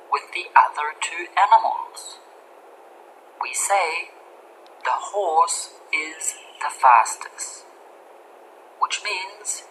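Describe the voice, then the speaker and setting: Slow, bright-voiced woman teaching grammar. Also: fairly low pitch, a little hiss or hum, low-quality recording. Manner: clear, careful delivery that slows on example words. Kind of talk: scripted lesson narration.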